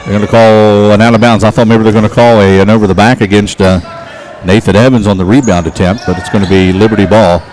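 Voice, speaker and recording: A man calling local basketball play-by-play, getting excited and shouting on big plays. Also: lowish voice, fast. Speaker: play-by-play announcer.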